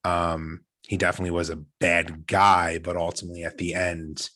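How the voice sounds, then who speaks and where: A man's voice: deep voice, level tone, normal speed, pushed and bright. A man co-hosting a podcast, talking casually and earnestly, rambling with restarts. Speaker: podcast co-host. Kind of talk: casual chat.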